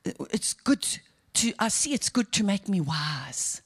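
A woman pastor from South Africa preaching a sermon, moving between quiet asides and fervent, rising outbursts. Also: mid-range voice, sing-song, takes it slowly, slightly rough.

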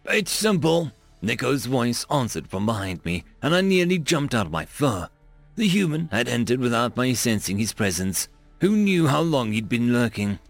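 A man reading a story aloud as the narrator, in an expressive, dramatic manner. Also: mid-range voice, moderate pace, vocal fry, dry recording, faint music behind.

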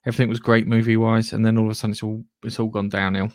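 A man's voice: fairly low pitch, little pitch movement, rapid-fire, darkish tone, no room sound, clean studio sound. A man co-hosting a podcast, chatting casually in a rambling way and swearing freely. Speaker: podcast co-host. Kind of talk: casual chat.

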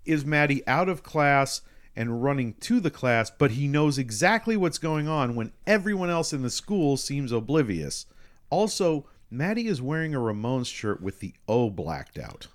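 A man's voice: mid-range voice, moderate pace. A man co-hosting a podcast in casual chat, reviewing a movie with frequent laughter and swearing. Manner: laughing, profane, animated storytelling. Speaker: podcast co-host.

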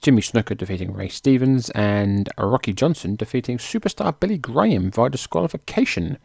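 A man's voice: medium pitch, lively intonation, brisk, gravelly, darkish tone, breathy edge, dry recording. Chatty podcast host, man. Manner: chatty, self-mocking, trips over names. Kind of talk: casual podcast narration.

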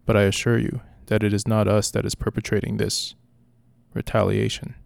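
A man reading the lines of a calm, secretive male psychiatrist, measured and reassuring. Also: lowish voice, creaky, dry recording.

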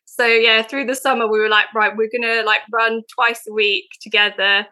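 Woman, young, bright-toned podcast guest, eager and filler-heavy. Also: a little high, flat delivery, moderate pace, smooth, low-quality recording. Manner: chatty and eager, many fillers. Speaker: guest, veterinary nurse. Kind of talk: casual podcast chat.

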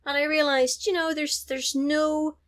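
A woman in casual chat, retelling a film's plot with animated storytelling and quick character impressions. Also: high voice. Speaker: podcast co-host recapping a film.

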